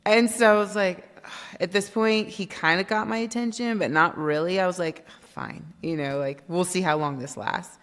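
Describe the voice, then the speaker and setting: A woman guest on a podcast, telling her story in an animated way and acting out quoted dialogue. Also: on the low side, normal speed. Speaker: guest, company founder. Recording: long reverb.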